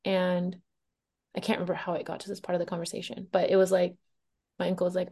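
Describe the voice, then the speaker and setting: A woman's voice: lowish voice, monotone, dark tone, breathy edge. Chatty woman guest who laughs often. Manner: chatty, quick laughs, many fillers. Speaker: guest teacher. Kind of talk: casual podcast chat.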